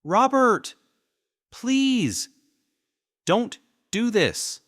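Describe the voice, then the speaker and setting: A woman's voice: sing-song, drawn-out words, no echo, clean studio sound, exaggerated voice. A man voicing a crying wife who begs her husband in a storybook reading. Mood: pleading. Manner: desperate high pleading. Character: sobbing pleading adult wife.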